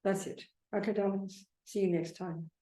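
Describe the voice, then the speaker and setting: Speaking at medium pitch with a warm, steady tone and moderate pace, a female Buddhist teacher offers a dharma talk and responds to questions. The meditation center hall echoes around her as she bluntly repeats herself and calls listeners sweetheart and darling.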